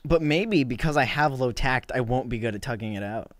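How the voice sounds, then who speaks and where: A man's voice: medium pitch, a little fast, no room sound. Man musing over game choices. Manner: hesitant, wry, thinks aloud. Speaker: player. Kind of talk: casual chat.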